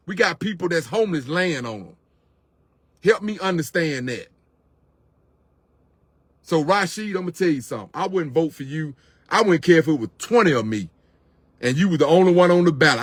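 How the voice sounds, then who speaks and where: A man's voice: sits high, animated, normal speed, a bit bright, no echo. A middle-aged man, venting on camera in an impassioned, repetitive rant to his viewers. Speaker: vlogger.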